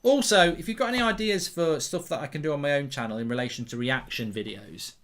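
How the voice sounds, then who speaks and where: A man's voice: fairly high pitch, quick pace, fairly bright tone. A man hosting a football watchalong live stream, chatting casually and reading out viewer comments in a rambling, self-mocking way.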